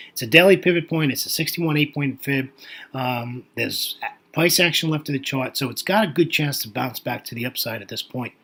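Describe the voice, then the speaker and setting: A man's voice: medium pitch, bright, forceful tone, breathy edge. A man commenting on currency charts in a chatty, folksy way, thinking aloud with fillers and restarts. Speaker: forex market analyst.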